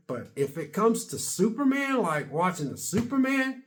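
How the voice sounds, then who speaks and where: Casual vlogger, man around sixty, slightly high voice, rambling and chatty. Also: very animated, moderate pace. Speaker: video blogger. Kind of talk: casual rambling opinion vlog.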